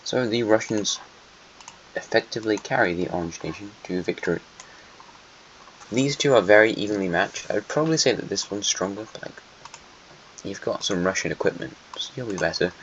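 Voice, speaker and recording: A young channel host gives casual commentary on a strategy game, speaking fairly quickly in a lowish voice and pausing often. He's playful and chatty, teasing the nations on the map and addressing them directly. His home recording is muffled and slightly lo-fi, with faint hiss behind it.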